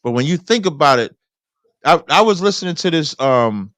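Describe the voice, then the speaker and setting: A man hosting a debate who reads scripture aloud in a preacherly way, slowing down for the verses. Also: fairly high pitch, expressive, fairly bright tone, no room sound. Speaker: host.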